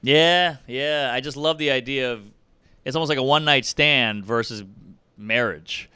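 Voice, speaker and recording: A man who is a comedian, chatting casually about comedy writing in an emphatic, quick-riffing way. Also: mid-range voice, pushed and bright, smooth, dry recording. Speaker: comedian guest.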